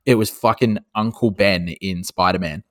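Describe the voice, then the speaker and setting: A man's voice: deep voice, fairly even intonation, normal speed. A young man co-hosting a podcast in casual chat, swearing freely and laughing often. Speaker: podcast co-host.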